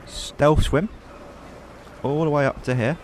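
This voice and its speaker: A man's voice: fairly high pitch, steady tone, takes it slowly, slight background noise. A man from Wales with a Welsh accent, giving casual, profane let's play commentary as he plays. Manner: profane, ranting. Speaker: gamer.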